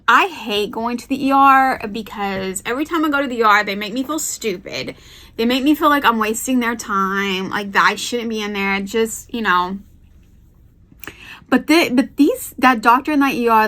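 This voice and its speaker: A young woman with a bright, clear voice and a slightly high pitch tells a personal story to her camera at home. She talks casually and with feeling, circling back and repeating phrases as she goes. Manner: chatty, emotional, repeats herself. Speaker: vlogger.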